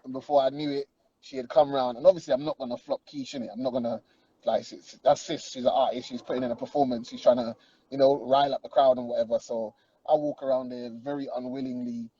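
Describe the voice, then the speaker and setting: A man's voice: mid-range voice, fairly even intonation, fast talker, warm tone, muffled recording, slight background noise. A young man, a DJ and artist talking casually as a radio interview guest, joking and using slang. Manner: laid-back, joking, slangy.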